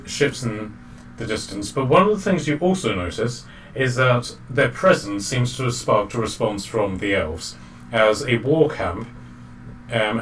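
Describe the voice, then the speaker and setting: A man narrating as game master of a tabletop game, halting often with fillers and restarts. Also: medium pitch. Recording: distant mic, faint background noise.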